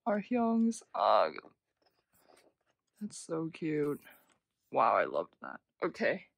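A young woman gushes her way through an unboxing, gasping and dropping into half-whispers. Her voice is slow, with a gravelly, husky edge, and it sounds close and dry. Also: low voice, wildly swooping pitch, dry recording. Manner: gushing, frequent gasps and soft half-whispers. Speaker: unboxing vlogger. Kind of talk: casual unboxing commentary.

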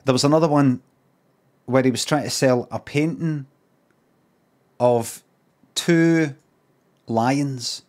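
A man's voice: mid-range voice, a little mellow. Rambling, sweary Scottish man. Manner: rambling, sweary, laid-back anecdote. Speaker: streamer. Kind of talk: casual storytelling on a live stream.

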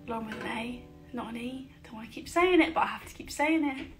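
Chatty singer, light high voice. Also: female voice, fast talker, over music. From England. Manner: chatty, jokey, self-mocking asides. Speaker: singer-songwriter. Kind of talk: casual chat between songs at a home livestream gig. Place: her living room at home.

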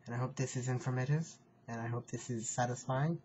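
A man teaching a phrase on his video channel, speaking slowly and carefully, repeating each phrase and clearing his throat now and then. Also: mid-range voice, steady tone, a little mellow. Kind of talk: casual home video lesson. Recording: dull lo-fi home recording, faint hiss.

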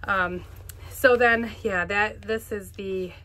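Chatty slow-talking woman vlogger. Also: mid-range voice, fairly even intonation, a bit bright. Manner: chatty, gushing, many fillers. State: out of breath. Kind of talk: casual show-and-tell chat. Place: home.

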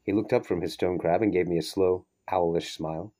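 Low, mellow man reading a story. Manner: steady, measured reading with brief asides. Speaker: reader. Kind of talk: audiobook narration of a short story.

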